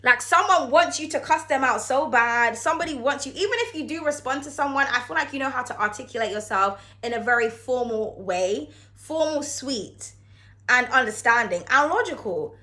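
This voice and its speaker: Bright high-voiced woman reading tarot. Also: lively intonation, normal speed. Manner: chatty, swears, calls viewers darling. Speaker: tarot card reader. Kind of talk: casual tarot reading to camera.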